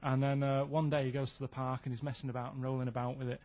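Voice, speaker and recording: A man's voice: mid-range voice, flat delivery, fast talker, a little mellow, dull audio. A man on a radio show, telling a rambling story in plain casual chat. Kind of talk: casual studio banter.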